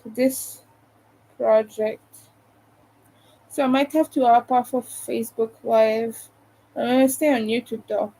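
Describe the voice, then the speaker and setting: Slow-talking woman chatting while crocheting. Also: fairly high pitch, dark tone, a little hiss or hum, poor audio. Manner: chatty, talks to herself between pauses. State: tired. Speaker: crochet livestreamer. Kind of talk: casual livestream chat while crocheting.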